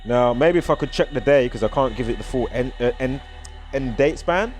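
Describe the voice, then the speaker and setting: A man's voice: medium pitch, animated, brisk, a little mellow, soft background music. A man with a British accent, rambling through a casual vlog commentary and reeling off strings of numbers. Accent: British English. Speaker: vlogger.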